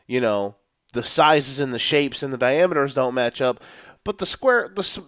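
A young man hosting a solo football talk show, ranting in an animated, profane way about coaches. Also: a little high, dry recording, studio quality. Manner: animated, profane, mocking coaches in a put-on boastful voice. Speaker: sports podcast host.

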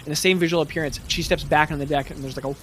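A man's voice: on the high side, steady tone, rapid-fire, a bit bright. Guy running a tabletop game, rambly narration, rainy noisy background. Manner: loose, chatty narration with many fillers. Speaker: game master.

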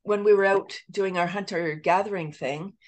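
A woman with a Canadian accent, a laughter coach chatting as a guest, animated and laughing often as she acts out little voices. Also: medium pitch, normal speed. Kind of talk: casual podcast interview.

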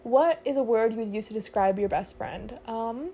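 A chatty teenage girl with a slightly high voice, talking casually with a friend. Her talk is upbeat and full of fillers. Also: normal speed, warm tone, slight background noise. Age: teens. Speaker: co-host. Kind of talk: casual chat.

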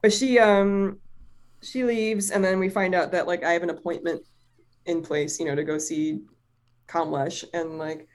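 A woman's voice: on the low side, fairly even intonation, moderate pace. A chatty woman tells a personal story in casual conversation. She rambles, leans on fillers, and swears freely. She laughs easily as she talks. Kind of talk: casual chat.

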